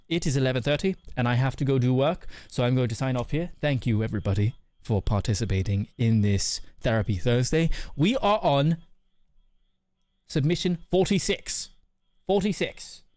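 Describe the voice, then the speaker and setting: A man's voice: medium pitch, smooth, dry recording. A man streaming live, reading viewer messages aloud and answering them in a loose, chatty way that repeats itself. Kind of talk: casual live-stream chat.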